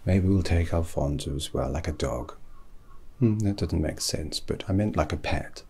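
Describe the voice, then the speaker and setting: A man voicing an eccentric, rambling British hat maker with a British accent in whispered role-play, soft and breathy, pompous and full of puns. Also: low voice, normal speed. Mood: fussy. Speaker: milliner.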